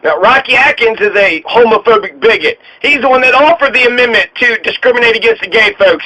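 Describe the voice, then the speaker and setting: A man's voice: very high voice, fairly quick, bright, forceful tone, low-quality recording. A man hosting a heated, sarcastic political commentary, mocking and repeating his jabs. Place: home studio in Colorado.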